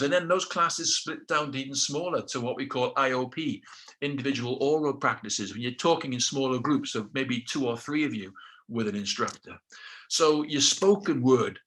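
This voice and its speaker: A man's voice: a little high, a bit bright. A middle-aged man with a British accent telling his own story casually, acting out quotes with self-deprecating asides. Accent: British English.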